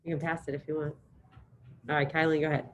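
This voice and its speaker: A middle-aged woman teaching a high school Spanish class, leading drills in a chatty, encouraging way. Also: level tone, quick pace, a little hiss or hum, low-quality recording. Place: classroom with students present and online.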